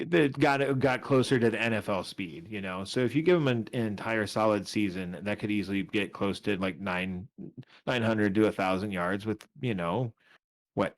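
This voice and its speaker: A tired man co-hosting a casual sports podcast, rambling and restarting as he argues his picks. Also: on the low side. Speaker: podcast co-host. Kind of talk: casual fantasy football chat.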